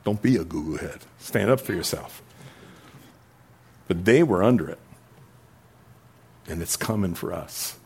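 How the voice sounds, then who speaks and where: A man's voice: sits low, animated, a little slow, long pauses, darkish tone, a little hiss or hum. A man preaching a sermon who reads scripture with rising emphasis and then explains it in a casual way. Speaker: pastor.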